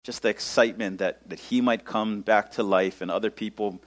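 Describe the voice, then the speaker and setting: A man's voice: fairly low pitch, fairly even intonation, moderate pace. A male pastor telling a personal story in a casual sermon, using lots of local slang.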